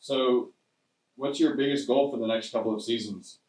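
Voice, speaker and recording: A man's voice: mid-range voice, steady tone, moderate pace, darkish tone, slight background noise. A male interviewer with a mid-range voice asks questions from some distance off the mic, his words echoing in a roomy space. He stumbles and restarts his questions as he goes.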